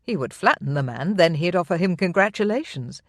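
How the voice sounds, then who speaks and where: An audiobook narrator reading a historical romance in measured, even storytelling. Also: mid-range voice, no room sound, studio quality. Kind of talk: scripted narration.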